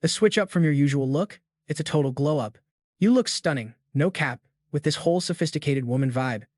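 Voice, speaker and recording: A cool, unbothered young guy, voiced by a man narrating a comic recap, hands out praise in a flat, matter-of-fact way. His voice sits a touch high for a man and sounds dry and close. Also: a little fast, dry recording, natural voice. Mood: calm. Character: calm, blunt young man who hands out compliments.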